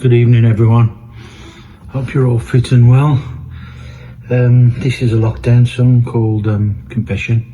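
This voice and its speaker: A man, a singer-songwriter, introducing his own song in a slow, hesitant way. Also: medium pitch, little pitch movement, low-quality recording. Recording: loud guitar playing behind.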